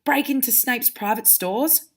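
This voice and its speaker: A worried teenage boy wizard from a storybook, read by a woman. His questions rise higher and pile up anxiously. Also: a little slow.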